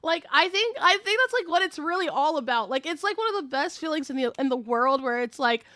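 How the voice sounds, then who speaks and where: A young woman streamer telling a story in casual live chat, fast and excitable, with lots of fillers. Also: sits high, no room sound, clean studio sound.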